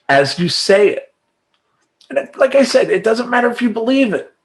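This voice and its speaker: A man talking as a life coach in a motivational monologue, emphatic and animated, chanting affirmations in rhythmic repetition. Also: very high-pitched, normal speed.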